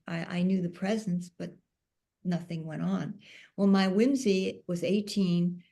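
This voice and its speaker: A woman on a panel, telling a personal story in a soft-spoken, emotional way. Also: fairly low pitch, creaky. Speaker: panel speaker.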